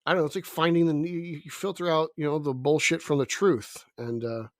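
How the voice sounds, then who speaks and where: A man's voice: on the high side, brisk, no echo, studio quality. A young man talking casually as a podcast co-host, rambling with many fillers and stammered restarts. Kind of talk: casual chat.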